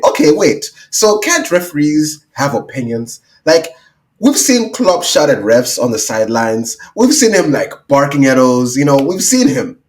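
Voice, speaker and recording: A man co-hosting a podcast in casual chat, animated and laughing, acting out what others might say. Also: fairly high pitch. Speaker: podcast co-host.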